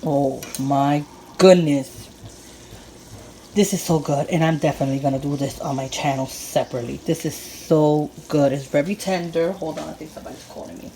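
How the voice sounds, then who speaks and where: Excitable woman cooking and tasting. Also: low voice, fast, few pauses, a little hiss or hum, low-quality recording. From Puerto Rico. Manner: excitable, laughs often, talks while tasting. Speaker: cooking channel host. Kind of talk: casual cooking vlog chat.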